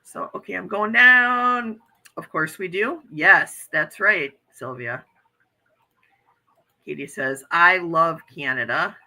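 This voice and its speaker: An American woman in middle age hosts a relaxed livestream, chatting earnestly and reading her viewers' comments aloud. Her voice is very bright and slightly low-pitched. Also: slow pace, low-quality recording. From United States. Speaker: livestream host reading chat. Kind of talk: casual chat.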